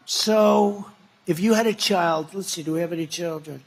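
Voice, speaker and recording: Political candidate, male, slightly raised pitch; off-the-cuff rally delivery, repeats himself, boasts, drifts into asides. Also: moderate pace, gravelly. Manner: rambling, repetitive, boastful, with asides to the crowd. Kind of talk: off-the-cuff campaign rally speech.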